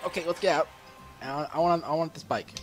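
A man giving excitable commentary while playing a game, exclaiming and laughing often. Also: on the high side, a little fast, faint music behind. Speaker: gaming channel host.

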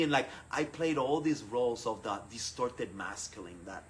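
A man from Rica, telling a personal story in an animated way, laughing and acting out what others said. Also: mid-range voice, normal speed, few pauses, rough recording. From Costa Rica. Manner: animated, acts out quoted voices, laughs often. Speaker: speaker sharing his personal story.

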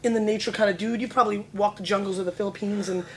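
Man, wine show host, excitable, joking, rapid bursts, casual tasting chat. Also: high voice, slight background noise, rough recording.

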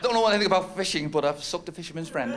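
Racing through his set in a slightly high voice, a North West England comic delivers a rambling, self-deprecating club routine. He keeps laughing at his own jokes. The old club recording is noisy, and the audience can be heard laughing.

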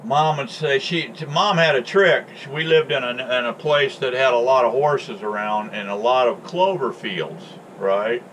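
A man's voice: mid-range voice, expressive, a little slow, few pauses, fairly bright tone, slight background noise. Male host, folksy storyteller, chatty and joking, rambling asides. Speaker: channel host.

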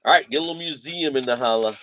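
A man hosting a live trading card break, calling out player names and giving energetic, slangy shout-outs to buyers. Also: mid-range voice, racing, slight background noise.

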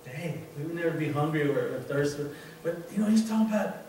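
A man giving an informal sermon as a church elder, telling a story from work with many halting restarts. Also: fairly high pitch, lively intonation, a little mellow, recorded from a distance. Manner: repetitive, halting restarts, conversational. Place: church sanctuary. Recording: very echoey room, voice off-mic, faint noise.

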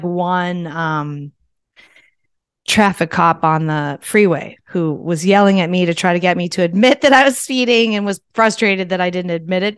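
A woman hosts a casual talk show, telling a story in a candid, animated way with plenty of swearing. Her voice is smooth and clear, in a medium register. The sound is dry and close. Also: medium pitch, no echo. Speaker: podcast host. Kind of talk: casual monologue to listeners.

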